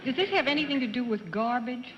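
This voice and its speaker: A woman's voice: fairly high pitch, animated, fast talker, heavy background noise. A poised woman on a game show panel, asking methodical yes-or-no questions. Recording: dull, reverberant 1950s TV studio broadcast.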